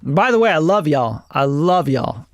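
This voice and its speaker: A man's voice: fairly high pitch, big pitch swings, moderate pace, no echo, studio quality. A man reviewing songs on a casual live stream, blunt and profane, often acting out other people's voices. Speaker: music producer reviewing songs.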